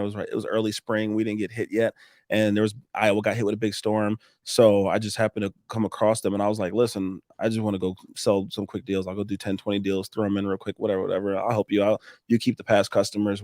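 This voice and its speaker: A middle-aged man with a Minnesota accent talks quickly and animatedly, acting out conversations from his roofing sales work. He laughs and swears freely in a casual chat. His voice sits close and dry on the mic. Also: fairly low pitch, darkish tone, no echo. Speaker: roofing business owner, podcast guest.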